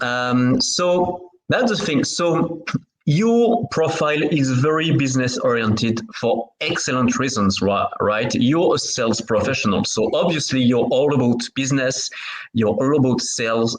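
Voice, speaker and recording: A man's voice: mid-range voice, animated, unhurried, poor audio. A man with a French accent hosting an interview podcast, talking with many fillers and restarts. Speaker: podcast host.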